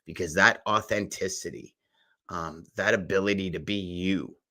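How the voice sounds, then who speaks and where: Male podcast host, low and forceful, animated storyteller in casual interview. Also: normal speed. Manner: animated storyteller, acts out voices in anecdotes.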